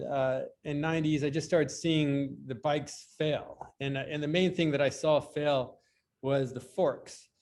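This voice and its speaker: With a voice on the high side and a little mellow, this man guests on a podcast as a BMX rider. He tells long, casual stories in an interview, restarting often and using many fillers.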